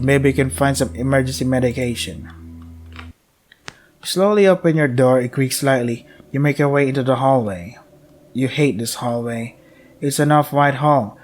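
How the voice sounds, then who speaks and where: A man reads visual novel text aloud in a steady, even way, stopping now and then for dry asides. His voice sits at an ordinary pitch for a man, and faint music plays underneath. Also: normal speed. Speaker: game streamer.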